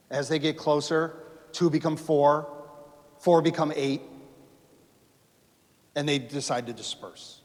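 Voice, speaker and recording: A man tells history as a story to a live audience, animated and asking them questions. His voice sits a little high. It carries long reverb from a large hall. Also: measured pace, long pauses. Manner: animated, acts out quoted lines, asks the audience questions. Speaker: history speaker.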